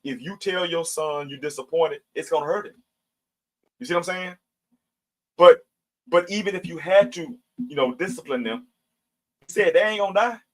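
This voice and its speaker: A middle-aged man teaches scripture in a conversational, preachy way. His voice sits slightly higher than most men's, and he reads the verses aloud and then explains them plainly. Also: moderate pace, long pauses, low-quality recording. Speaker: Bible study teacher. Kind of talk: livestream Bible teaching.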